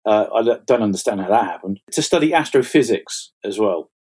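A man's voice: on the low side, lively intonation, a little fast, a little mellow, breathy edge. A man talking as an author guest in a casual conversation, chatty and self-deprecating.

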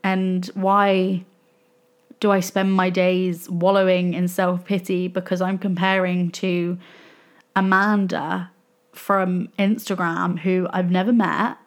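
A woman's voice: on the low side, level tone, takes it slowly. A young woman from England, talking through a casual solo podcast in a rambling, self-reflective way. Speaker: podcast host.

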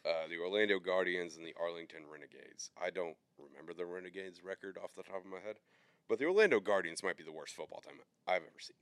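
Deep-voiced man talking sports bets. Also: fast talker, clean tone, no room sound. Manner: loose, rambling, lots of fillers. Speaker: podcast co-host. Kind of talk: casual sports betting chat.

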